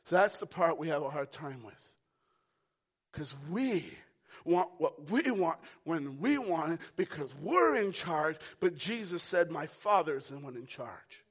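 A pastor preaching a sermon, moving from quiet, low lines to loud, ringing calls. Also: male voice, animated, measured pace, breathy edge. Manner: preaching with big swings from soft to loud.

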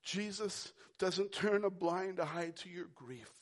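A man preaching a sermon, repeating phrases for emphasis and swinging from shouts down to a hushed whisper. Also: sits high, slow. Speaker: pastor.

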